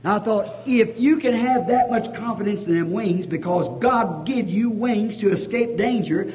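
A man preaching a sermon, telling a folksy story that rises to fervent shouting. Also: high voice, a little slow, few pauses. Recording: dull lo-fi old recording.

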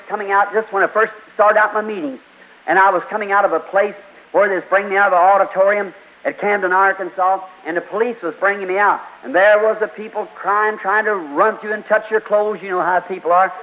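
A man preaching a revival sermon in a fervent, emphatic, rhythmic way, mixing teaching with a story he tells from the pulpit. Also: sits high. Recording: dull lo-fi old sermon tape.

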